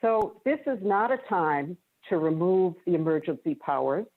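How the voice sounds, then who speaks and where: A woman's voice: fairly low pitch, expressive, moderate pace. A woman legislator with a Minnesotan accent speaking earnestly and insistently from home in a floor debate by video call. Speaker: state legislator. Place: her home. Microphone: remote video call. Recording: tinny phone-like remote audio.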